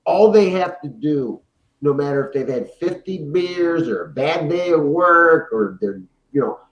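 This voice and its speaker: A man's voice: on the high side, lively intonation, measured pace, echoey room, lo-fi sound. A man talking in a casual podcast, crude and rambling, swearing freely. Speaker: guest.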